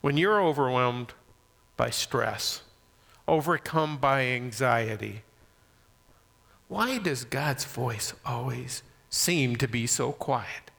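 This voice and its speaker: Gravelly preacher in a big echoing hall. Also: male voice, mid-range voice, lively intonation, slow. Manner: dramatic shifts between loud emphasis and soft near-whispers. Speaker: pastor. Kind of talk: sermon.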